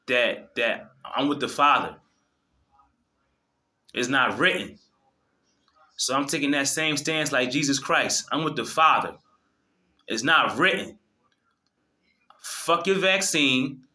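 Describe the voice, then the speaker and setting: Fervent man with a bright, forceful voice. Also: mid-range voice. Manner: fervent, preachy, profane, many restarts. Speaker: video host. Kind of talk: impassioned religious monologue.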